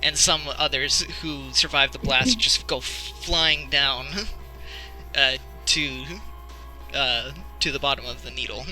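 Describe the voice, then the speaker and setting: Bright-voiced man running a tabletop game. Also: mid-range voice, steady tone, slow, soft background music, poor audio. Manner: loose, hedging with fillers, laughs often. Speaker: game master. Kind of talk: narrating a tabletop game, casual.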